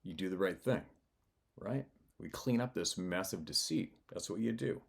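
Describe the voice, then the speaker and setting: Man, somewhat low voice, channel host, casual storytelling, blunt, profane, rambling restarts. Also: expressive, normal speed, creaky, husky. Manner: blunt and profane, laughs often.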